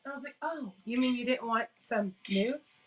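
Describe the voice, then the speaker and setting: A woman hosts a casual live stream from home, greeting her chat and telling stories with frequent laughter. Her voice is a little high, fairly bright, and breathy-edged at a measured pace, with faint music behind and a rough recording.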